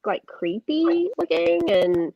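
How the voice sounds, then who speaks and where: A woman's voice: medium pitch, big pitch swings, slow pace, highs cut off, a little hiss or hum. A woman in a casual chat, easygoing and laughing at her own stories.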